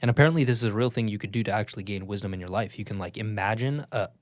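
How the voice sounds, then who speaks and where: A man's voice: lowish voice, rapid-fire, no echo. A man co-hosting a podcast, talking in an offhand, conspiratorial, teasing way in late-night chat. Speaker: podcast co-host.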